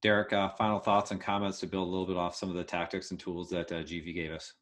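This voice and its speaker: Man, host, moderating webinar, upbeat and encouraging, very low voice. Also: level tone, fast talker, a bit bright. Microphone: video call.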